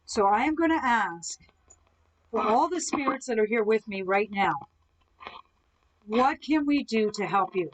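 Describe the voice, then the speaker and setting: A woman hosting a live ghost hunting session, calmly asking the spirits questions from indoors at someone else's home. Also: fairly high pitch, unhurried, long pauses, low-quality recording. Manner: calm, coaxing questions to spirits. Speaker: ghost hunter host.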